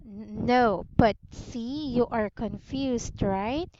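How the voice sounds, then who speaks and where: Slow, patient Filipino woman tutor. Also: fairly high pitch, dark tone. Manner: slow, patient, encouraging, repeats "very good". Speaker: English tutor. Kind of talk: one-on-one online lesson. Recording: slightly muffled lo-fi audio with faint noise.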